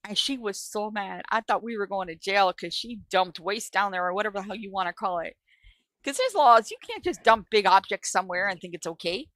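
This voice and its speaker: A middle-aged woman from New York hosting a live stream, telling a story in a blunt, profane, animated way. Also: mid-range voice, a little fast, no room sound, poor audio. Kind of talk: casual storytelling.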